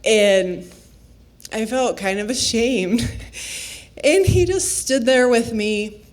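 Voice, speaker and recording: Storyteller: woman from Nebraska, playful, laughs a lot, takes her time. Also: fairly high pitch. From Nebraska, USA. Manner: unhurried, playful, laughs often. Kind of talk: live personal storytelling.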